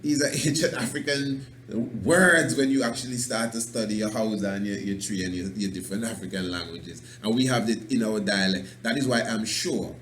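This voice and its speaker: A man's voice: lowish voice, moderate pace, few pauses, fairly bright tone. A man from Antigua with an Antiguan accent, hosting a radio talk show in an emphatic, preachy monologue that restarts words and breaks into chuckles. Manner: loose, repeats and restarts words. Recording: roomy echo, faint background noise.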